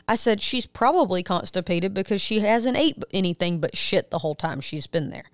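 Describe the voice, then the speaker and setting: A woman's voice: a little fast, few pauses, clean tone, no room sound, studio quality. A middle-aged woman co-hosting a podcast, telling a story in casual chat and acting out the people she quotes with a rising voice. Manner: animated retelling, quoting others with rising pitch. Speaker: podcast co-host.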